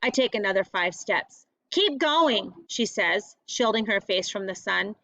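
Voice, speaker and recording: A woman's voice: mid-range voice, fairly even intonation, moderate pace, bright, forceful tone, no echo. A woman reading a first-person audiobook in a plain, earnest storytelling voice. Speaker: audiobook narrator. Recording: dull lo-fi audiobook recording.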